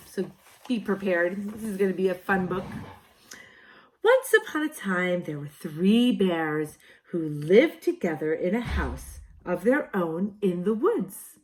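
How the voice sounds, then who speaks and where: Lady teacher doing storytime for little kids, super slow and singsongy, voice bouncing all over. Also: fairly low pitch, darkish tone, slight background noise. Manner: slow, sing-song, exaggerated storybook delivery with playful asides. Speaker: kindergarten teacher. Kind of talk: reading picture books aloud to young children.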